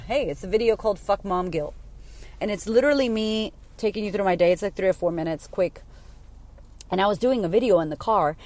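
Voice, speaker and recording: A woman's voice: lowish voice, darkish tone. A woman in her thirties hosting a podcast for mothers, talking casually and bluntly, swearing freely as she tells stories. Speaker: podcast host and mom coach. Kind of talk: casual talk to listeners.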